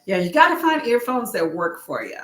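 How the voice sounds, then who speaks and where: A woman's voice: medium pitch, big pitch swings, fairly quick, fairly bright tone, roomy sound. A young adult woman hosting a casual livestream chat, laughing often and reading viewer comments aloud. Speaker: livestream host.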